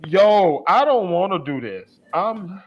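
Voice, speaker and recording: A man's voice: high voice, big pitch swings, slow pace, muffled recording. A man co-hosting a podcast, going off on a comedic, profane, exasperated rant in casual talk. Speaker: podcast co-host.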